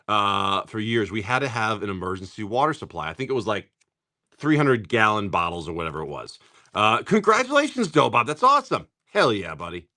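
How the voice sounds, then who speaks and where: A man's voice: lowish voice, pushed and bright. A middle-aged man hosting a live stream, opening card packs, rattling off card names and telling joking stories in casual chat. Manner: rapid card-name rundowns mixed with joking stories.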